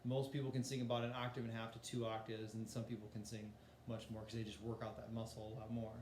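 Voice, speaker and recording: A man's voice: on the low side, flat delivery, fast talker, darkish tone, echoey room, a little hiss or hum. A man teaching a voice lesson in a casual, explanatory way, demonstrating breathing and singing exercises. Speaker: music teacher.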